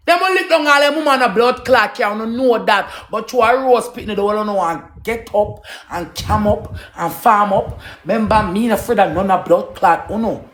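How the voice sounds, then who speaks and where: A woman's voice: on the high side, normal speed, hardly any pauses, a bit bright. Jamaican woman in a profane rant. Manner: heated, profane, preachy patois rant. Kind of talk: live rant to viewers.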